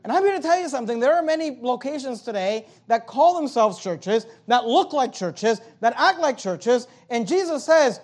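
High-voiced man preaching emphatically. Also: expressive, normal speed, few pauses. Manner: emphatic, repetitive preaching with swings in loudness. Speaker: pastor. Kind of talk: sermon. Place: church auditorium.

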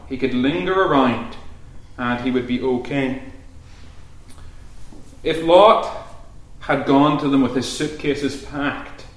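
A man preaching a sermon in an earnest manner, building to loud, urgent calls. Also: medium pitch. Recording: very echoey room.

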